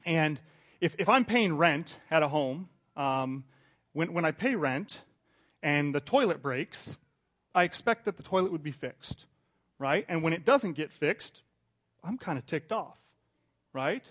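A man, a pastor in his thirties, preaching a sermon in a conversational way, stumbling over restarts and swinging from hushed asides to loud outbursts. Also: on the high side, lively intonation, unhurried.

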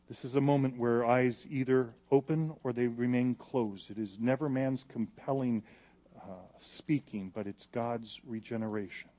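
Pastor, male, animated sermon delivery, booming reads then soft pleas. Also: a little slow. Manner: animated, swings from loud reading to hushed pleading.

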